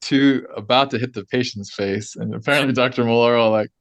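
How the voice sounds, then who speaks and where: A man's voice: medium pitch, steady tone, a little fast, no room sound. A man hosting a podcast, telling a story in a chatty, loose way with lots of fillers and laughs. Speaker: podcast host. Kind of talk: casual chat.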